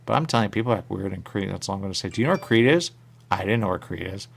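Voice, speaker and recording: Animated gravelly radio host, rambling. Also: male voice, deep voice, rapid-fire. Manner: repetitive, animated, catchphrase-heavy. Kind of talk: rambling casual chat. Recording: radio studio mic.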